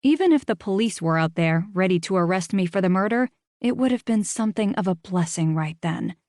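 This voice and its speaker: A woman's voice: mid-range voice, animated, brisk, a little mellow, no room sound. A woman narrating a first-person audiobook with a wry, dry-humored delivery.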